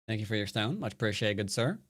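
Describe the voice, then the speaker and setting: A man's voice: fairly low pitch, very animated, quick pace, a bit bright, no room sound, studio quality. Wry, rambling man muttering over a game. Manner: rambling self-talk, trailing off into mutters; joking, wry asides. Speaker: Go player and teacher streaming a game. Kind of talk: casual live-stream game commentary.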